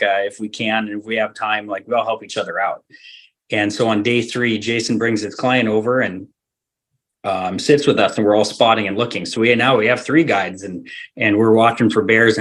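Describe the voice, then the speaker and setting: A man from Alaska, a hunting guide, telling a lively story as a podcast guest, laughing often and acting out what people said. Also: on the low side. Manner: animated storyteller, laughs often, acts out quoted dialogue.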